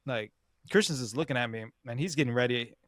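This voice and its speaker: Speaking fast in a fairly bright mid-range voice, a young podcast host casually shares a competition story. He swears a lot, uses slang, and says "bro" over and over. It's a dry recording with clean studio sound.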